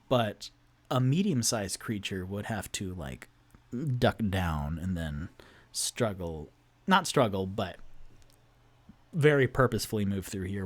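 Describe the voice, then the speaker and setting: A man's voice: lowish voice, a little mellow. A man narrating a solo tabletop game as game master, rambling with many fillers and restarts.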